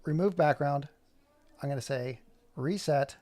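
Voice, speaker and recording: A middle-aged man whose voice sits on the high side with a darkish tone talks at a moderate pace through an animation tutorial as he records his screen. He's chatty, self-deprecating, and prone to muttering to himself.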